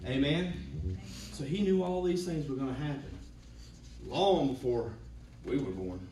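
Pastor preaching in an echoey church. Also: male voice, medium pitch, lively intonation, measured pace, distant mic, slight background noise. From Georgia, US. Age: 40s. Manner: preaching with hums, builds to shouts. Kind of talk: sermon. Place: church sanctuary.

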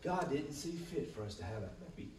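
A man preaching a sermon as pastor, calling "Amen?" to his congregation and swinging between loud bursts and quiet, low passages. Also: very animated, fairly quick, slight background noise. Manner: preaching with frequent "Amen?" call-outs to the congregation. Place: church sanctuary with congregation. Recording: echoey room, voice from far off.

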